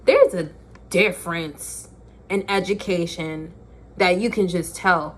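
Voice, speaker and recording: A woman's voice: lowish voice, slow pace, a little hiss or hum. A young woman speaking to her phone camera in an emphatic, preachy way. She repeats her points for effect. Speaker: vlogger. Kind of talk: casual talk to camera.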